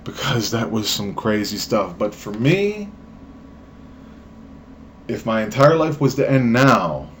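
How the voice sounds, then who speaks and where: A young man vlogging at home, telling a story with animated delivery and acted-out voices. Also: slow pace, pauses often, slight background noise. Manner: animated, acts out voices, jumps high in pitch for emphasis.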